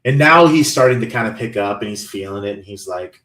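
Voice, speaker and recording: A man's voice: on the low side, expressive, brisk, fairly bright tone. A man in his thirties co-hosting a podcast, recapping a movie in casual chat and acting out the characters' lines as he tells it. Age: 30s. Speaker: podcast co-host. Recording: roomy echo.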